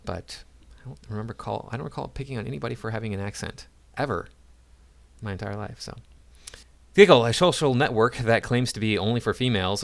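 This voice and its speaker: This male YouTube commentator has a lowish voice with vocal fry. He reads news pieces out loud, constantly cutting in to mock them sarcastically, and speaks in a loose, offhand way between quotes.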